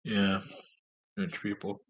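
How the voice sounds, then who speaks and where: A man's voice: lowish voice, level tone, slow, a bit bright, husky, highs cut off. A man ranting casually, rambling and sarcastic, with plenty of swearing. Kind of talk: casual rant.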